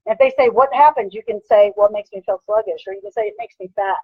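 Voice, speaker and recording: A woman personal trainer giving an energetic motivational lecture, punchy and repetitive, with a husky voice. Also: mid-range voice, fast talker, dry recording, narrow, tinny audio. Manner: energetic, punchy, repeats "bam" and "right?".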